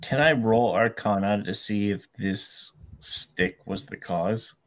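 A man's voice: fairly low pitch, takes it slowly, a bit bright. A man playing a tabletop game, wry and laid-back as he talks. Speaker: player.

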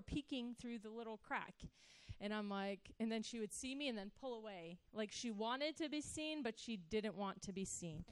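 A middle-aged woman telling a personal story in an animated way, acting out the voices she quotes. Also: on the high side, clear, resonant tone, dry recording. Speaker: speaker sharing a personal story.

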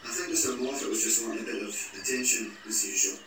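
A man's voice: medium pitch, fast, lightly acted. A man playing a laid-back village policeman. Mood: easy-going. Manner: easy-going. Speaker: police officer. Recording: distant echoey room with noise.

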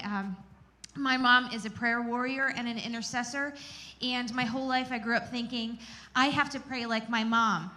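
A woman's voice: sits high, bright, forceful tone. A woman giving a candid, self-deprecating teaching talk at a church gathering, telling personal stories.

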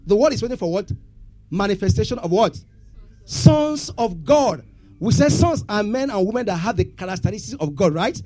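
A pastor with a high, mellow, husky voice leads a sermon by questioning the congregation and getting them to respond aloud.

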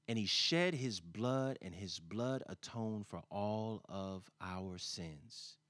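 A man delivering a sermon at a slow, deliberate pace. He repeats phrases for emphasis and climbs into loud, high-pitched exclamations when he reads scripture, then settles into soft, intimate talk. The recording is dry and close, with little room sound. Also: no echo. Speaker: preacher.

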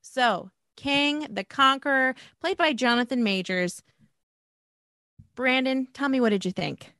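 A woman with a fairly high voice hosting a relaxed film-review chat, recorded dry and close. She is lively and folksy and steers the talk by throwing questions to her co-hosts. Her delivery stays brisk and conversational. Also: no echo. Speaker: podcast host.

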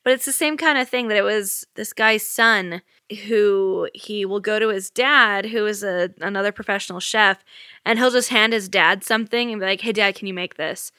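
Brief: female podcast co-host, bright clear voice, breezy filler-heavy chat, dry mic. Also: medium pitch, moderate pace, dry recording. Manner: chatty, laughs often, lots of "like". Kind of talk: casual chat.

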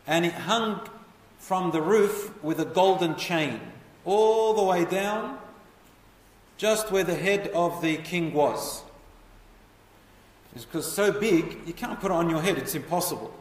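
A man telling a history story as a lecture, animated and putting questions to his listeners. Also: sits high, slow. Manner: animated, asks the audience questions. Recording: echoey hall, voice from far off.

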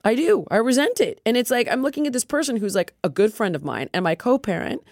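Animated middle-aged woman, candid chat. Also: a little high, quick pace, no echo, clean studio sound. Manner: animated, quotes herself and others in lively put-on voices, swears freely. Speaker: podcast host.

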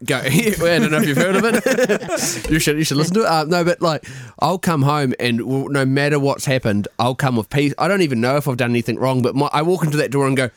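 A man's voice: fairly high pitch, lively intonation, a little fast, hardly any pauses. A man hosting a podcast, chatting casually and poking fun at himself. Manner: self-mocking, chatty. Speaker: podcast host.

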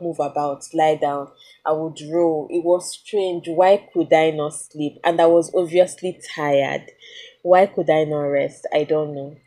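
A woman's voice: deep voice, mellow. A young woman with a Nigerian accent telling a personal story in a casual vlog, candid and confiding, with plenty of fillers and restarts. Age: young adult. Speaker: vlogger.

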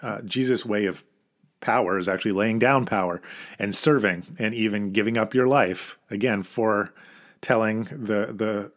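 Earnest pastor preaching casually, low voice. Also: male voice, moderate pace. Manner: earnest, informal, emphatic at key points. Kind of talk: conversational sermon.

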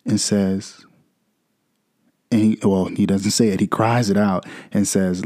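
A man's voice: lowish voice, steady tone, a little slow, mellow. A young man hosting a devotional podcast, talking through scripture in a loose, conversational way with frequent "right?" asides. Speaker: podcast host. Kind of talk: casual devotional podcast talk.

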